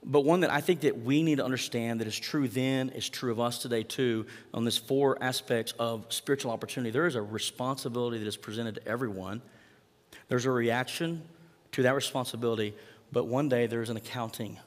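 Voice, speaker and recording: A man preaching a sermon in a relaxed, conversational way, sometimes acting out lines from the text. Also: mid-range voice, a little fast. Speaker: pastor. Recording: long hall reverb.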